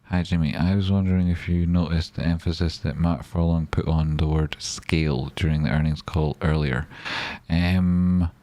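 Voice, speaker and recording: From home, a man runs a casual live trading stream in a very low, dark voice, steady in tone and at normal speed. He rambles, swears and says what he thinks bluntly. The sound is close and dry with no room sound.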